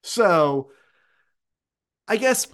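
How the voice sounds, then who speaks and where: A man's voice: sits high, very animated, drawn-out words, fairly bright tone. A man co-hosting a casual wrestling chat podcast, rambling and opinionated as he talks things through. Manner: rambling, opinionated, restarts often. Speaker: podcast co-host.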